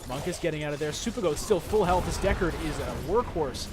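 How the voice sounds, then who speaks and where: A man's voice: on the high side, expressive, a little fast, few pauses, soft background music. A man casting an esports match play-by-play, with chatty, joking asides to the viewers. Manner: jokey, chatty asides to the chat. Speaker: esports caster. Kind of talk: play-by-play game commentary.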